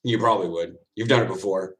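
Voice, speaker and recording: A man who plays football, chatting casually on a livestream and answering viewer comments. He rambles in a relaxed way, with quick asides and frequent laughs. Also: low voice.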